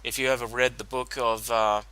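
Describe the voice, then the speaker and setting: A man's voice: mid-range voice, level tone, normal speed, pushed and bright, clean tone, low-quality recording. A man giving a solo commentary on a cartoon episode, rambling with many fillers and restarts. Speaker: reaction commentator.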